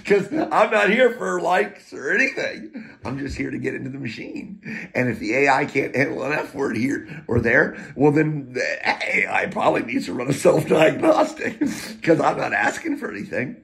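A man's voice: medium pitch, creaky, a bit bright. A middle-aged man rambling in a casual monologue, profane and emotional, with muttered asides and wry laughs. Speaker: poet and vlogger.

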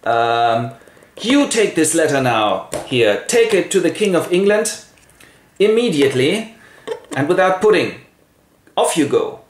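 A man's voice: a little high, very animated, measured pace, long pauses, voice pushed up. A man playing a smarmy scheming king. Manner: falsely polite, gloating. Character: smarmy scheming middle-aged male king. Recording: roomy echo, faint noise.

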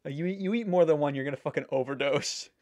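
A man's voice: a little high, quick pace, a little mellow. A man chatting casually while ranking candy, rambling and swearing now and then. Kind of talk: casual chat.

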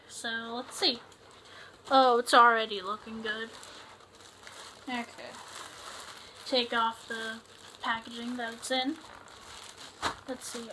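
Bright-voiced young woman gushing over a haul. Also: on the high side, slight background noise, low-quality recording. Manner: excitable, gushing, chatty with many fillers. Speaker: vlogger. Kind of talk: casual haul unboxing vlog.

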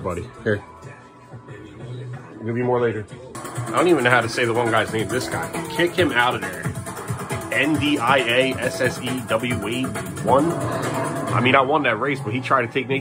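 Inside the family home, a father and vlogger in his thirties records a casual video. He cheerfully coaxes his young kids along, then lowers his voice for weary asides to the camera.

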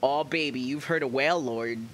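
A man's voice: mid-range voice, moderate pace, fairly bright tone, slight background noise. A man streaming a game, joking, swearing and laughing often in casual commentary. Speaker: gaming streamer.

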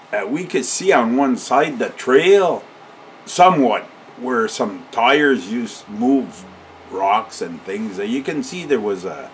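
An older man tells a casual, meandering story in a slow, easy drawl. His voice sits at an ordinary middle pitch, and he keeps chuckling and tacking "eh?" onto his sentences. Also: slight background noise. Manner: rambling, chuckles often, tags sentences with "eh?".

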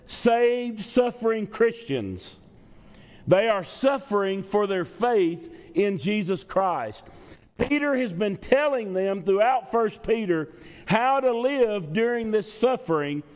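Man, pastor, sermon, unhurried delivery, long church-hall reverb. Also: sits high, darkish tone. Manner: conversational preaching, repeats phrases for emphasis. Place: church sanctuary.

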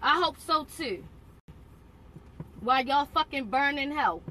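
A woman's voice: high voice, lively intonation, a little slow, pushed and bright, slight background noise. A woman in her twenties in a heated, defiant confrontation, profane and insistent, recorded on a phone inside a parked car. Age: 20s. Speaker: driver confronting police.

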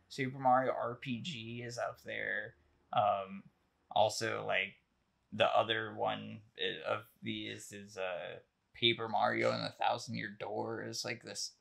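A man hosting a casual podcast chat, rambling with lots of ums and likes as he gets excited about new releases. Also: on the low side, takes it slowly, gravelly. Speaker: podcast host.

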